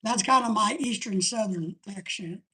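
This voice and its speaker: A woman's voice: mid-range voice, moderate pace, sharp tone, husky. A woman hosting a live stream in casual chat, rambling and chatty as she reads viewer comments aloud.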